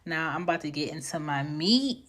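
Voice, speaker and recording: A woman's voice: sits low, expressive, normal speed, fairly bright tone. A woman hosting a podcast on her own, giving a blunt, profane pep talk in a casual way. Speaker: podcast host.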